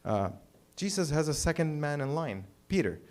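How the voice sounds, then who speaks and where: A man from the Middle East doing a stand-up set at a small open mic, halting and dry, full of filler words. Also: on the high side, very animated, darkish tone. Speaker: stand-up comedian. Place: small live comedy venue.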